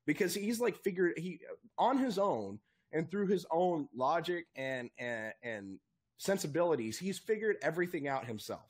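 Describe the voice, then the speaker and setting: Young man, podcast co-host, excitable ranting, husky, swings high and low. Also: normal speed. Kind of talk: casual chat.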